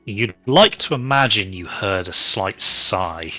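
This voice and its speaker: A man narrating a tabletop game as game master, relaxed and rambling with many fillers. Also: lowish voice, takes it slowly, soft background music.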